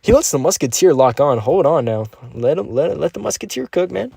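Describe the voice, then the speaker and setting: A man's voice: on the high side, big pitch swings, fairly quick, vocal fry, warm tone, breathy edge, dry recording, studio quality. A young man streaming a mobile game, chatting casually and upbeat with his viewers while he plays and reads their messages. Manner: laid-back, upbeat, slangy, talks to chat. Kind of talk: live-stream gameplay commentary and chat reading.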